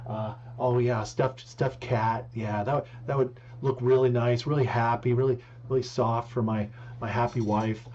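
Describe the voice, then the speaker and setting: A man putting on the voice of a soft-spoken, gentle male TV painter, talking in a slow, hushed, soothing way. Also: mid-range voice, fairly even intonation, natural voice. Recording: dull lo-fi with faint hum.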